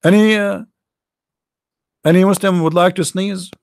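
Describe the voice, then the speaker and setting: A high, steady, creaky voice speaks a little slowly with an Arabic accent, from a man for whom English is a second language. As an online religious commentator, he mocks what he reads on a screen with sarcasm and incredulity and mimics sneezes. Studio quality, free of room sound.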